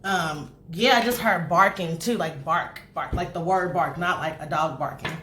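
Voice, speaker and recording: A woman giving a casual tarot reading to camera, chatty and animated, swearing freely and acting out spirit messages. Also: fairly low pitch, moderate pace. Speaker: tarot reader. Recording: echoey room, faint noise.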